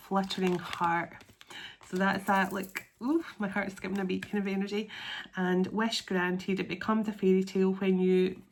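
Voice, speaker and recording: A woman giving an intuitive tarot reading to her viewers, talking in a soft, earnest and openly emotional way, and stretching out words as she reads the cards. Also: fairly low pitch, gravelly, a little hiss or hum. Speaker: tarot card reader.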